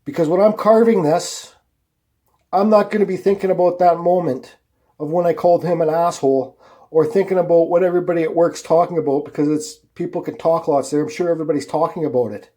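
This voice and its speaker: A man's voice: on the high side, steady tone, fast, mellow. A man hosting a woodcarving vlog, talking casually to the camera in a blunt, rambling way and swearing freely. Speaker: woodcarving channel host.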